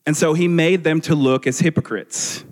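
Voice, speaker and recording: A man preaching a sermon as a pastor, earnest and measured, asking his listeners rhetorical questions. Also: on the high side, steady tone. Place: church sanctuary. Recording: long reverb of a large hall.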